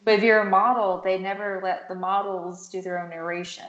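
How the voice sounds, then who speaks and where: A woman's voice: mid-range voice, steady tone, brisk, a bit bright, lo-fi sound. A woman hosting an interview, chatty and rambling, jumping between tangents. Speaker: interview host. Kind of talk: casual interview chat. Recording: roomy echo.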